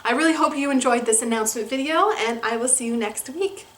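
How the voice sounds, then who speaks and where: A woman's voice: fairly high pitch, fast talker. A young woman vlogger gushing through a personal story in casual chat, laughing often. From Canada.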